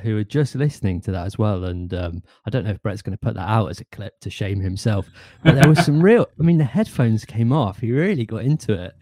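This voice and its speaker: A man, a guest actor chatting casually, animated and often laughing. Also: on the low side, fairly quick, no echo. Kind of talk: casual chat.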